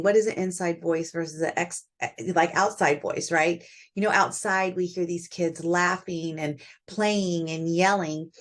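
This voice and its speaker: A middle-aged woman with a fairly low-pitched voice hosts a solo parenting talk. She speaks conversationally and thinks aloud as she goes, with plenty of fillers. Her tone is reflective and unscripted. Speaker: podcast host.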